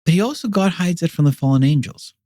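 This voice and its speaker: A man's voice: fairly high pitch, expressive, fast, mellow, no room sound, studio quality. A man talking as a podcast guest, rambling through his ideas with many fillers and restarts. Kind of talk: casual explanatory conversation.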